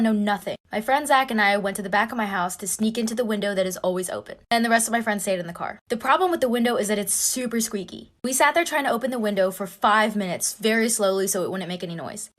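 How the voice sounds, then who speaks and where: A woman's voice: fairly high pitch, fairly bright tone. A young woman telling a personal story in a casual, breathless and dramatic way.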